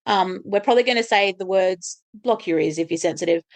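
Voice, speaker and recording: A woman's voice: mid-range voice, brisk, gravelly. A woman co-hosting a podcast in casual chat, giggly and apologetic, rambling as she searches for words. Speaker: podcast co-host.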